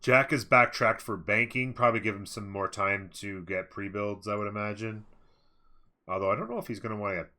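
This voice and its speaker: Low-voiced, bright-toned male game caster. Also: fairly even intonation, brisk. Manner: casual, rambling, thinks aloud with fillers. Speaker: esports caster. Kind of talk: live game commentary.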